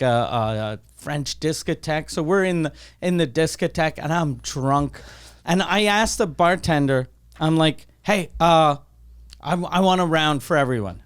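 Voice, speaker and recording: Middle-aged guy hosting a podcast, kinda high voice, swears a lot, acts out everyone in his stories. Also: clean tone. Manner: profane animated storyteller, acts out quotes. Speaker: podcast host. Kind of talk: casual chat.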